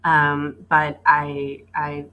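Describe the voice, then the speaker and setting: A woman in her forties telling her career story in a podcast interview, animated and acting out quoted dialogue, with frequent stammered restarts. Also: deep voice, very slow, low-quality recording. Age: 40s. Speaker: guest, dealership executive. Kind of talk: conversational storytelling.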